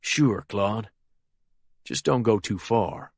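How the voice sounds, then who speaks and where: A man reading as a menacing younger male crime boss, speaking low and quietly controlled in an audiobook. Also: takes it slowly, vocal fry, slightly rough, dry recording, studio quality, heavily acted. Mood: cold.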